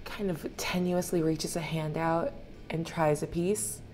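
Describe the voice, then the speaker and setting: A woman's voice: low voice, steady tone, a little slow, a little mellow, soft background music. A woman narrating as game master in a loose, chatty way with frequent fillers.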